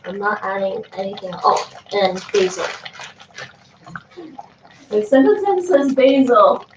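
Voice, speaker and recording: A young woman cooks in her home kitchen during a live stream, laughing a lot and musing aloud as she chats with chat readers. She has a medium-pitched, very animated voice but takes her time speaking. Picked up by a distant mic, the sound is dull and roomy with a fan humming behind.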